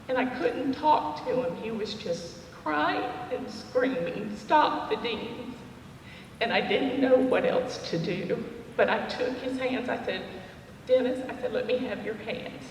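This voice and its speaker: Woman speaking slowly in an echoey hall. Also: fairly low pitch, far from the mic, a little hiss or hum. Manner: slow, storytelling with fillers and laughs. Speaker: cafe owner speaking at a women's dinner. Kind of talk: personal testimony talk. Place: church fellowship hall.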